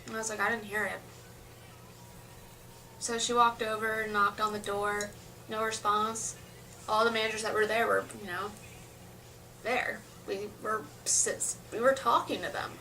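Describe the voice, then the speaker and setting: A woman's voice: mid-range voice, steady tone, normal speed, bright, forceful tone, far from the mic, a little hiss or hum, poor audio. A young woman telling a story to her camera in a chatty, rambling way, often restarting her sentences. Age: young adult. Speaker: vlogger.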